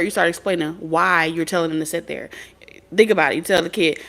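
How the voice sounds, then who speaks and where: A woman with a gravelly, fry-laden voice gives spiritual advice in a loose, preachy monologue. She talks bluntly, swears freely and drifts into streetwise stories. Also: on the low side, moderate pace, long pauses, a bit bright. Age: adult mother of several children. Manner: blunt, profane, streetwise storytelling. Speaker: spirit medium and tarot reader.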